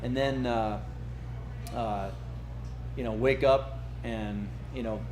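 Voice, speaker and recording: Man from Arizona, laughing and cursing as he rambles through an old story, mid pitch. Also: steady tone, slow pace. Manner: laughing, profane, rambling with restarts. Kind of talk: casual storytelling. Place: birthday gathering.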